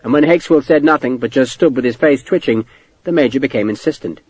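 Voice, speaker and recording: Husky man reading an audiobook. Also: mid-range voice, moderate pace, dry recording, low-quality recording. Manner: expressive, varied delivery. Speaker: audiobook narrator. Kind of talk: scripted audiobook narration. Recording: dry close studio recording.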